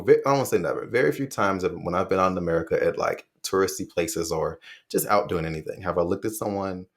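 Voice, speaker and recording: Fast-talking deep-voiced man hosting a podcast. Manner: rambling, self-correcting, animated asides. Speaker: podcast host. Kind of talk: casual conversational interview.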